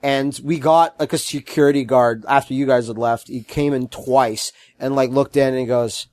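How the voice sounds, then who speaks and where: A man telling a story in casual chat, acting out what people said with big swings in pitch. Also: normal speed, dry recording. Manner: animated, acts out quotes with shifting pitch.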